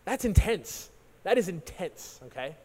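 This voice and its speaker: A man preaching, retelling a story in an animated sermon style and often repeating words as he restarts. His voice sits high for a man. A long reverb trails behind him, as in a large church hall. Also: a little slow.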